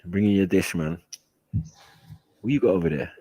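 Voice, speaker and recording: A man telling stories in a casual chat, animated and slangy, laughing often. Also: low voice, moderate pace, long pauses, husky, no room sound. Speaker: host.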